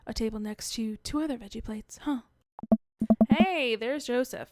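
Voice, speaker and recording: A woman's voice: fairly high pitch, normal speed, over loud music. A woman playing a video game on her channel, reading its text aloud with wry, muttered asides and casual swearing.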